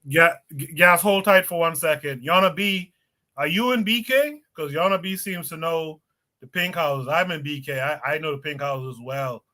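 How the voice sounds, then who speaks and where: A man hosts a casual podcast livestream, turning to his guest and his listeners with long questions. His tone is bright and sharp, and his voice sits a little high. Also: normal speed. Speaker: podcast host.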